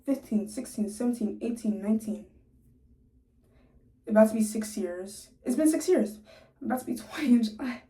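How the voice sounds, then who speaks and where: Young woman vlogger, 19, chatty and quick with asides, slightly high voice, sore jaw, echoey room. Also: lively intonation, mellow, far from the mic. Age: young adult, 19. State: sore jaw from recent surgery. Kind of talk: casual storytelling to camera.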